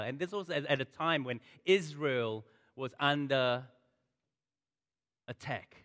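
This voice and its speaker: A man's voice: a little high, measured pace, fairly bright tone. A man preaching a sermon, impassioned and repeating phrases for emphasis. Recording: long reverb of a large hall.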